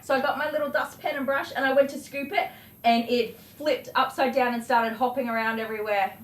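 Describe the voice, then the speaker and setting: A middle-aged Australian woman hosting a dog-grooming livestream, telling animated stories with laughs while she works. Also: sits high, a little fast. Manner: animated, laughing, acts out voices in anecdotes. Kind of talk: chatty livestream storytelling while working. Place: indoor grooming room. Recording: roomy echo, faint clipper noise. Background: electric clipper buzz.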